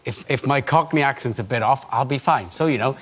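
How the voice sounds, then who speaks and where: A man from Cardiff with a Welsh accent, a talk show guest telling a lively anecdote and mimicking voices. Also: medium pitch, a little fast, breathy edge. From Wales. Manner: animated storyteller, mimics voices. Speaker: guest actor. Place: TV studio. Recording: noisy studio recording.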